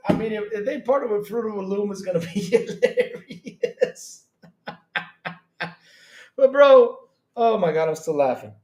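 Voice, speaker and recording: Man host, high lively voice, cusses a lot, roomy echo. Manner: loud, excitable, swears and laughs often. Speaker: podcast host. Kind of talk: live-stream gaming chat.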